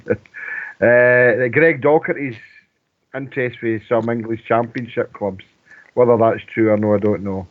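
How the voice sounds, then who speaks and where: A man's voice: mid-range voice, steady tone. Scottish man on a tinny phone line. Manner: rambling, halting with many restarts. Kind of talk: casual football chat.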